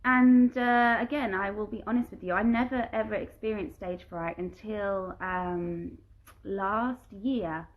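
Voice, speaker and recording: A woman's voice: mid-range voice, steady tone, unhurried, narrow, tinny audio. Chatty woman reading out viewer questions. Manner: chatty, reads questions aloud then answers them. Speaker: performer answering viewer questions. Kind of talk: casual livestream Q&A. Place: at home. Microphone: phone livestream.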